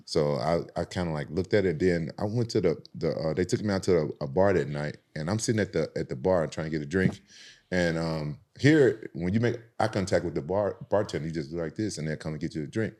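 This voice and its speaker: Fast-talking deep-voiced man. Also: a little mellow. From Southern United States. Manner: rambling, profane, with frequent restarts. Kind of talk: casual storytelling.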